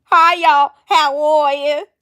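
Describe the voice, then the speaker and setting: A woman voicing an obsessive young farm girl doll with a put-on Southern US accent, high and loud with a drawling twang. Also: fairly even intonation, slow. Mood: chirpy.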